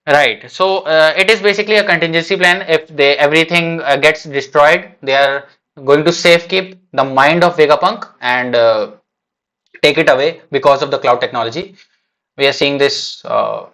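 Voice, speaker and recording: A man's voice: a little high, moderate pace, sharp tone. A man streaming a live reaction, thinking aloud in a casual, hesitant way with lots of fillers and restarts. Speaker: streamer reacting to a manga chapter.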